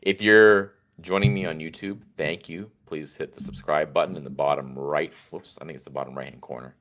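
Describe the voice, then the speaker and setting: Deep-voiced man rambling on a livestream. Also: fairly even intonation, fairly quick, fairly bright tone. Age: 30s. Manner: rambling, joking, off-the-cuff. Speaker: livestream host. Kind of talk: unscripted livestream commentary.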